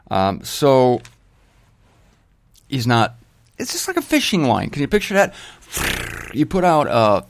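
A man's voice: medium pitch, no room sound. A man teaching the Bible in an informal sermon, with folksy, self-deprecating asides and jokes.

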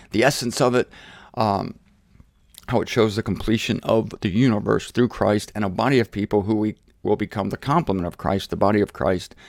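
Casting: male Bible teacher, casual and rambling, low-key, dry close mic. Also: gravelly, no echo. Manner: conversational and digressive, with self-deprecating asides.

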